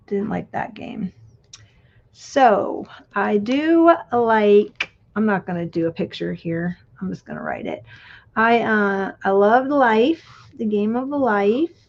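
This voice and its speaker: A woman's voice: medium pitch, expressive, slow. A middle-aged woman chatting casually while she crafts on a livestream, reminiscing and trailing off as she works. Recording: dull lo-fi stream audio.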